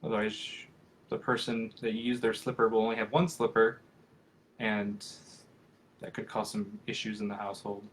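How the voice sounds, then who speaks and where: A man's voice: on the low side, flat delivery, normal speed, a bit bright, a little hiss or hum. A man in his thirties, a professional puppeteer, answering questions in a casual live video chat and rambling with many fillers and restarts.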